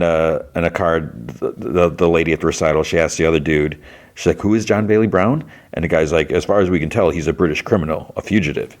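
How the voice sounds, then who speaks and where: Man with a low voice, podcast host, casual rambling recap, lots of filler words, quotes characters with a lifted voice. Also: a little mellow. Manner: rambling, full of "like" fillers and restarts; quotes characters in a lightly raised voice.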